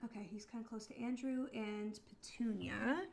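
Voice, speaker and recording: Casual: lady running a tabletop game, kinda high voice, giggly, ums a lot. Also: steady tone, moderate pace, vocal fry, a little mellow. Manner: laughs often, hesitant with fillers. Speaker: game master.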